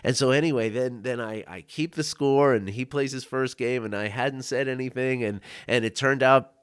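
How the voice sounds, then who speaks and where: A male life coach telling a personal story to camera, earnest and reflective, with frequent "you know" and "right?" asides and soft laughs. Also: medium pitch, normal speed, smooth, no room sound, studio quality. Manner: laughs often between thoughts. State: tearful at times.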